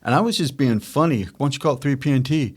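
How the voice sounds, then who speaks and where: Middle-aged male podcast host, rambling storyteller, even mid-range voice. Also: mid-range voice, quick pace. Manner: rambling, self-correcting, acts out quoted dialogue. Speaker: podcast host, company founder. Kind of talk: casual storytelling chat.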